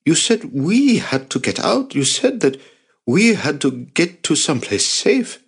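A man's voice: a little high, big pitch swings, measured pace, husky, voice pushed up, heavily acted. Storybook teen boy, scared and anxious, raised voice, a man reading it. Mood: protesting. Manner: anxious, questioning. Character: teenage boy, frightened and confused.

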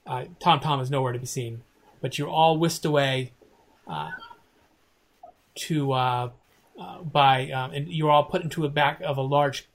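Man game master narrating with pauses. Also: medium pitch. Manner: halting, many fillers and restarts while narrating.

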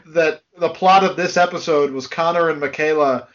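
A man's voice: a little high, moderate pace, a bit bright. A man co-hosting a casual podcast, giving blunt opinions about a TV episode. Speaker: podcast co-host. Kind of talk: casual chat recapping a TV episode. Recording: dull lo-fi sound.

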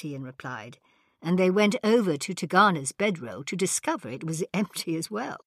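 A woman narrating a story in a dramatic, expressive reading. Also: on the low side, normal speed, slightly rough, no room sound, studio quality. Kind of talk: scripted narration.

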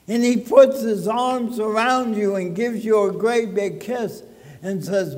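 A man preaching a sermon as pastor in a church sanctuary, slow and deliberate, with dramatic pauses between phrases. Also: high voice, a little mellow, long reverb tail.

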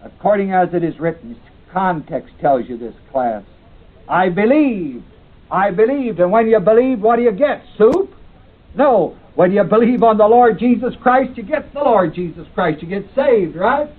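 Captured on a tinny old tape, this Bible class teacher reads out verses and then quizzes the group. He's a man with a high, animated voice who keeps a moderate pace.

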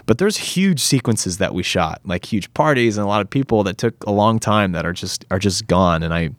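Low-voiced man, animated storyteller. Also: brisk, no room sound. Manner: animated storytelling, many fillers, swears freely. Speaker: actor, interview guest. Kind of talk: casual interview talk.

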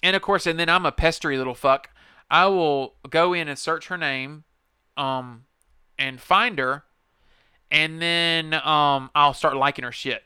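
A man's voice: fairly high pitch, unhurried, sharp tone, clear, resonant tone, no echo. A man hosting a podcast, ranting in a casual, profane, rambling and emphatic way into a close microphone. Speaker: podcast host. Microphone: close podcast mic.

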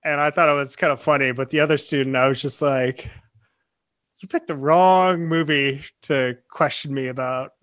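A man who teaches college, telling classroom stories in casual chat, laughing often and acting out his reactions. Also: mid-range voice. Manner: animated storytelling, laughs often, restarts. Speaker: podcast co-host, college teacher.

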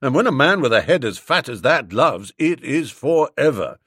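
A man voicing a glib, teasing young English friend in an audiobook, with a dry, mocking manner and a husky voice. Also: medium pitch, very animated, normal speed, a bit bright, dry recording. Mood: musing. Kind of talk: audiobook character reading.

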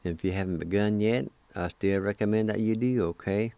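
Deep low guy slowly spelling words out, dry close sound, repeats every syllable. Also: steady tone, creaky, warm tone, smooth, dry recording. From Cherokee Nation, Oklahoma. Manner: patient, repeats each word syllable by syllable. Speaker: radio host teaching language. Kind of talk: slow spelling and pronunciation lesson.

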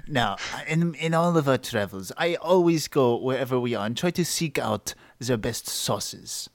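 A man's voice: mid-range voice, lively intonation, unhurried, no room sound. Man playing a tabletop game. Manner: laughing often, stumbling over words. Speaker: player.

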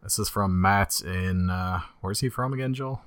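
A man with a deep baritone voice co-hosting a casual podcast, joking in a dry, deadpan way. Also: normal speed, no room sound. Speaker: podcast co-host.

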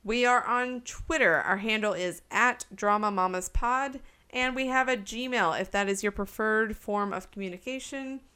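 Bright-voiced woman podcast co-host. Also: medium pitch, moderate pace, hardly any pauses, clean tone. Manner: chatty, laughing, emphatic. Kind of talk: casual chat.

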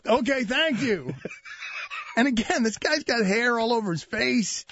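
High-pitched, animated male sports talk host; dry, dull studio mic. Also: a little slow, dry recording. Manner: animated, excitable, mock-shouting.

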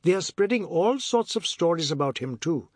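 A man voicing a gentle apologetic woman. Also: fairly high pitch, lively intonation, moderate pace, no room sound, studio quality, voice pushed up. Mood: reassuring. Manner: gentle, reassuring. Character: soothing apologetic woman, middle-aged.

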